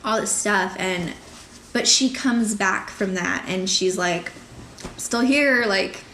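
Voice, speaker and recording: A woman's voice: medium pitch, takes it slowly, roomy sound, slight background noise. A woman guest in a casual podcast chat, telling a story with energy and acting out what she said at the time. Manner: animated storyteller who acts out her own past remarks.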